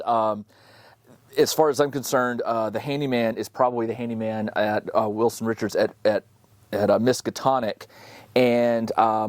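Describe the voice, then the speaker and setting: A man's voice: lowish voice, a little mellow, dry recording. A man playing a card game by himself, reading the story text aloud and commenting on his choices in a conversational way, with frequent fillers and self-corrections. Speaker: solo card game player and narrator.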